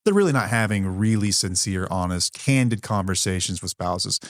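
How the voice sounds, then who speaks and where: Blunt, candid man with a low voice. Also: expressive, normal speed, no room sound, clean studio sound. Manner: candid, blunt, conversational with mild swearing. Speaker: podcast co-host. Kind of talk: casual podcast conversation.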